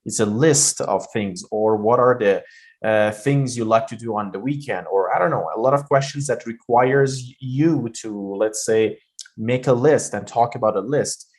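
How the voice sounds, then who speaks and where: A man's voice: medium pitch, moderate pace. A man with a Vietnamese accent teaching pronunciation for an exam, explaining loosely with many fillers. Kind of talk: spoken exam-prep lesson.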